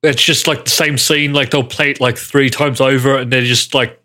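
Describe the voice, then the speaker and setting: A man's voice: medium pitch, fairly even intonation, normal speed, sharp tone. A man co-hosting a podcast in casual chat, rambling and full of "like". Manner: rambling, uses many fillers like "like". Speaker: podcast co-host.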